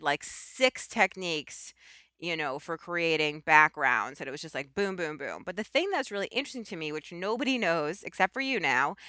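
A woman's voice: low-pitched, pushed and bright, smooth, no room sound, studio quality. A woman hosting a crafting podcast, chatting casually with enthusiasm and rambling asides. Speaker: podcast host. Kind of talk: casual chat.

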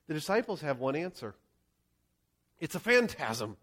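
A male pastor preaching a sermon, acting out scenes and shouting quoted lines. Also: a little high, big pitch swings, moderate pace.

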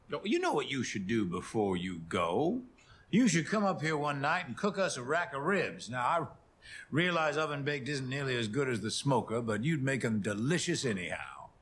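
Southern US president, smooth and cold. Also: male voice, medium pitch, big pitch swings, fairly quick, a bit bright, slight background noise. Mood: coaxing. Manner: smooth, condescending, commanding. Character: scheming male US president, cold and controlling. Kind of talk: TV drama acting.

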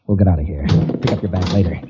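An actor playing a worried, earnest cousin in a 1940s radio drama, speaking urgently. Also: male voice, low voice, rapid-fire, loud music behind the voice, natural voice. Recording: hissy, dull old radio recording.

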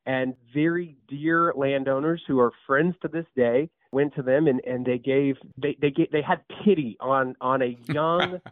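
A man's voice: mid-range voice, moderate pace, hardly any pauses, dry recording. Guy in his 30s telling his startup story, keeps restarting, tinny call audio. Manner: restarts a lot, repeats words, animated. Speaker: guest, company founder. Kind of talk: casual storytelling interview. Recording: tinny phone-like line, dry.

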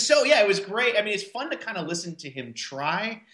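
Animated, bright-voiced man in an echoey room. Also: sits high, brisk. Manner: animated, laughs often, mimics accents. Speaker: podcast co-host. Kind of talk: casual chat.

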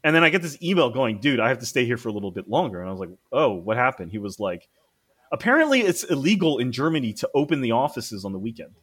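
Man, casual storyteller, husky voice, lively swooping pitch, swears, acts out quotes. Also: fast. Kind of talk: casual chat.

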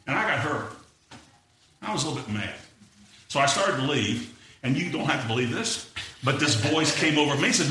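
Bright, animated preacher man in an echoey church. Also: a little high, a little fast, long pauses. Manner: animated, acts out quoted voices. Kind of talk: sermon with personal stories. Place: church sanctuary. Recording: echoey hall, mic far off, faint noise.

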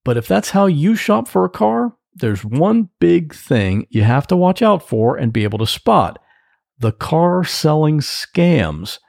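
A man hosts a solo podcast in a relaxed, plain-spoken, folksy manner. His voice is gravelly and a bit high, and his pitch swings widely as he talks. The close mic picks up very little room sound. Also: unhurried, no echo. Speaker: podcast host, computer repair tech. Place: home office.

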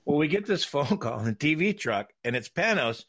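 A man, a racing broadcaster, telling stories in a casual panel chat, halting with frequent restarts and laughter. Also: a little high, big pitch swings, a bit bright.

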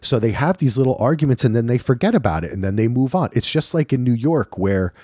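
A man co-hosting a podcast, chatting casually and animatedly, sometimes acting out quick back-and-forth exchanges. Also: mid-range voice, expressive, warm tone, dry recording, clean studio sound. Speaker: podcast co-host. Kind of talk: casual chat.

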